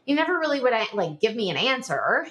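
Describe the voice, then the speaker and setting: A woman's voice: fairly high pitch, sing-song, brisk, a bit bright. A woman in her forties telling a personal story as a podcast guest, chatty, with lots of "like" fillers and short nervous laughs.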